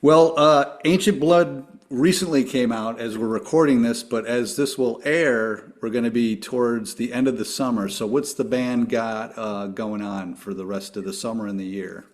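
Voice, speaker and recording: A man hosts a podcast interview, asking questions in a friendly, even manner. His voice sits at an ordinary male pitch. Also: normal speed, hardly any pauses. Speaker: podcast host.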